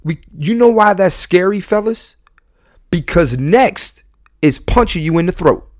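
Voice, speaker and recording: An emphatic man hosts a candid podcast, speaking in an animated but unhurried way. He repeats and restarts phrases, swinging from loud bursts to low, quiet asides. The recording is studio quality with no echo.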